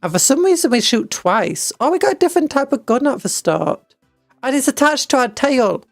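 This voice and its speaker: A woman's voice: sits high, very animated, normal speed, dry recording, clean studio sound, soft background music. A British woman streaming a game, reading upgrades aloud and making jokey asides. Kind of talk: casual gameplay chat.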